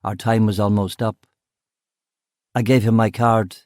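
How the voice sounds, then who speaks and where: A man narrating a crime novel in the first person, steady and measured. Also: fairly low pitch, no room sound, studio quality. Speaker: audiobook narrator.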